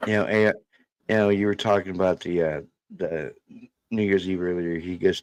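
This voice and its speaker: A man's voice: low-pitched, steady tone, no echo. A man in his thirties co-hosting a casual livestream chat, reading viewer comments and telling family stories with many restarts. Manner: halting storyteller with many restarts.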